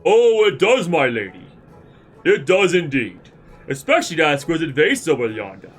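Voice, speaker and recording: A man's voice: fairly high pitch, sing-song, normal speed, slightly rough, faint music behind. A man doing a pompous old nobleman. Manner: pompous and indignant. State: congested with a cold.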